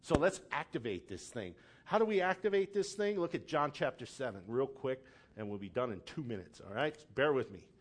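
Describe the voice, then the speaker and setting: A pastor preaching a sermon, casual asides and checking in with the congregation, building to loud emphatic peaks. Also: male voice, mid-range voice, very animated, fairly quick, slight background noise. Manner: conversational asides, checks in with "okay?".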